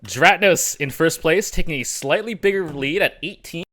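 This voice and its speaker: A man's voice: on the high side, normal speed, sharp tone. A man hosting a casual podcast trivia quiz, reading questions and teasing the players. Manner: playful, teasing. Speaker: quizmaster.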